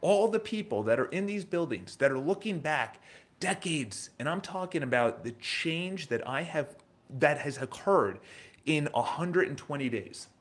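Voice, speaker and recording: A man's voice: on the high side, expressive, unhurried. A man in his thirties with a New York accent, hosting a casual motivational livestream, emphatic and repetitive, with a lot of rhetorical questions. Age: 30s. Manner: emphatic, repeats himself, asks rhetorical questions. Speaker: livestream host.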